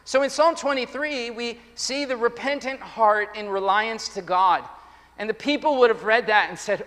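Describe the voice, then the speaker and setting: Animated high-voiced male preacher in a hall. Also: moderate pace. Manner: animated, emphatic, acts out quoted voices. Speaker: pastor. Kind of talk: sermon. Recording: long hall reverb.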